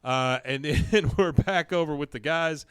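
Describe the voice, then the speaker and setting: Man retelling cartoon scenes in a dry, smooth voice. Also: fairly high pitch, measured pace, dry recording. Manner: retells scenes, briefly mimicking characters' lines. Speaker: podcast host recapping episodes. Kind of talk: casual recap.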